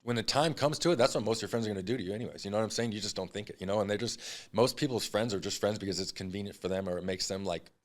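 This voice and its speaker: Fast-talking low-voiced man. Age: 30s. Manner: blunt, frequent swearing, rapid storytelling. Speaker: podcast guest. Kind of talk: candid storytelling interview.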